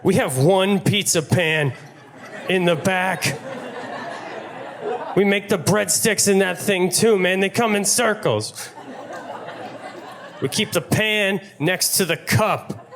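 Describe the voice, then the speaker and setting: A man's voice: high-pitched, slow, long pauses, a crowd in the background, voice pushed up. A man voicing a fed-up teenage girl working a pizza counter, ranting in exasperation. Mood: exasperated rant.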